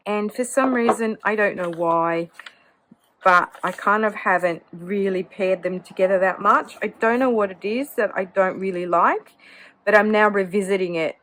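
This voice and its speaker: A woman's voice: medium pitch, normal speed, a bit bright, low-quality recording. A woman vlogging about her hobby in a cozy, casual chat, often hedging with "kind of". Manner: chatty, hedging with many "kind of"s. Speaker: fountain pen vlogger.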